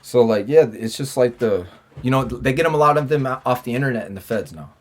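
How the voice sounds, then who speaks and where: A man's voice: mid-range voice, animated, brisk. A man recounts his time behind bars in loose, profane conversation. He stumbles through restarts and fillers. He slips into quoted back-and-forth as he talks. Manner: acts out his own and others' lines in quoted dialogue. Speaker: podcast guest, former prisoner. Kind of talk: casual storytelling interview.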